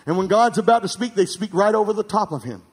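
High-voiced, fervent preaching man. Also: lively intonation, fast talker, husky. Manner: rising to emphatic, near-shouting peaks and dropping to quiet asides; calls for amens from the congregation. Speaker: pastor. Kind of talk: sermon.

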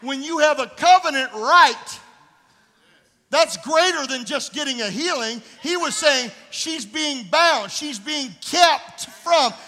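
A man preaching a fervent sermon as pastor, building up to shouts. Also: very high voice, long reverb tail. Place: church sanctuary.

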